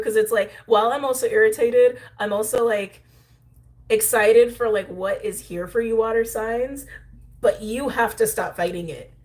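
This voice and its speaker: A young woman doing an intuitive tarot and astrology reading, chatting straight to her viewers in an animated way. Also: mid-range voice, a little slow.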